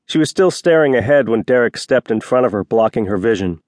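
A man's voice: lively intonation, a little fast, a little mellow, no echo. Male audiobook narrator, dry studio sound. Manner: voices each character with small pitch shifts. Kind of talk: scripted narration.

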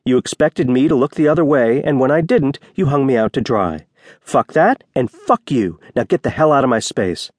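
A man's voice: mid-range voice, expressive, moderate pace, dry recording, clean studio sound, lightly acted. A man voicing a cold, tough woman ex-cop. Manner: cold, cutting, profane. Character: tough sharp-tongued woman ex-SWAT officer.

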